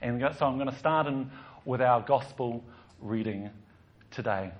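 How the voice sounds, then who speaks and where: A man's voice: mid-range voice, unhurried, lo-fi sound. A man preaching a casual, joking sermon as the church's pastor. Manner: chatty, joking, animated.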